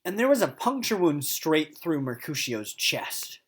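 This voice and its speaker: Lively male teacher giving a lesson. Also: fairly high pitch, measured pace. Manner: animated, reads story passages aloud with voices. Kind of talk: recorded video lesson.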